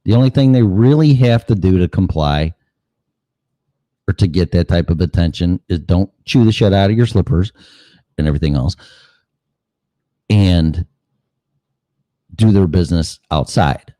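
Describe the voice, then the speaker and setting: A man's voice: sits low, normal speed, long pauses, mellow, dry recording. A man hosting a show in a casual, rambling monologue, cursing freely and asking rhetorical questions. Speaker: show host.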